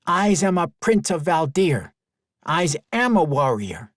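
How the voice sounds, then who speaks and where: A man voicing an excitable little boy who calls himself a prince, with childish broken grammar. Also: slow pace, no echo, studio quality. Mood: proud. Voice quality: high childlike voice, toddler grammar.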